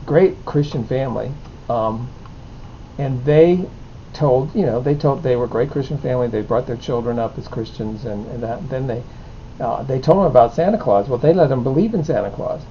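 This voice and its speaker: A man's voice: mid-range voice, moderate pace. A middle-aged man, a father, talking in a rambling podcast conversation and often restarting his sentences. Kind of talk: casual conversation. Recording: dull lo-fi with faint noise.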